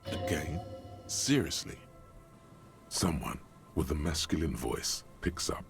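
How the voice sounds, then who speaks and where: Gravelly, bass game narrator. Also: male voice, expressive, over music, full character voice. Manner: measured, dry.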